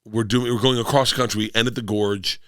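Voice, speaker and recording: A man's voice: mid-range voice, steady tone, fast, no room sound, studio quality. A man who is a touring stand-up comedian and podcast guest, telling rambling tour stories in casual chat, swearing freely and acting out other people's lines.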